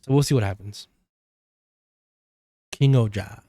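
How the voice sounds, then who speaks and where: A man's voice: fairly low pitch, measured pace, mellow, no room sound, clean studio sound. A man co-hosting a podcast, casually recapping a TV episode with rambling asides and many "um"s. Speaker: podcast co-host.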